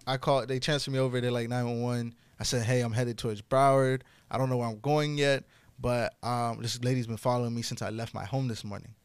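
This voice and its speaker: Telling a crazy tale in relaxed podcast chatter, this young man swears without restraint, his voice rising loud and shrill in the excited bits. His delivery is brisk and smooth, and there's no room sound at all.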